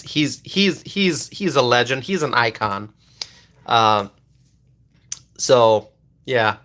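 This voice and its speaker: Bright-voiced male live streamer, emphatic. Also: medium pitch, vocal fry. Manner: repetitive, emphatic, reads viewer comments aloud. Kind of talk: casual political commentary live stream.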